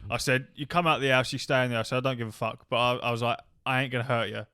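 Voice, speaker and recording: A man, co-hosting a casual podcast and telling gaming stories with lots of swearing and acted-out shouting. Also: medium pitch, rapid-fire, clear, resonant tone, dry recording, clean studio sound. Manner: animated anecdote-telling, swears freely, acts out shouting. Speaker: podcast co-host. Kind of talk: casual chat, storytelling.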